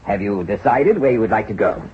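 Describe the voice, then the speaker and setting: A man's voice: lowish voice, fairly quick, slight background noise, lightly acted. A man playing a flamboyant, persuasive financier. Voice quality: expansive, persuasive, lively intonation. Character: flamboyant smooth-talking male Parisian financier. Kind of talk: vintage radio drama acting. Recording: dull old radio drama recording.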